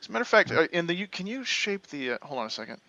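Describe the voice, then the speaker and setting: A man's voice: a little high, big pitch swings, racing, sharp tone, no echo, muffled recording. A man chatting casually while gaming, agreeable and hesitant as he plans a build. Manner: agreeable, hesitant when planning. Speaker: Minecraft let's play co-host.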